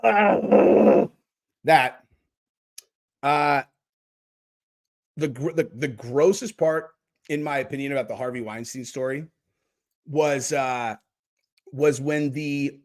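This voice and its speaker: A man's voice: mid-range voice, fairly even intonation, slow pace, long pauses. A man hosting a casual livestream, rambling and swearing freely while joking with his chat. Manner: rambling, profane, jokey. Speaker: host.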